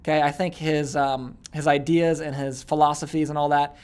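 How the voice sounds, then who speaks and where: A man's voice: on the high side, level tone, normal speed, a little mellow, clear, resonant tone. A young man coaching sales in a casual online course, chatty, with repeated words and frequent "okay" and "like". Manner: chatty, repeats words, many okays and likes.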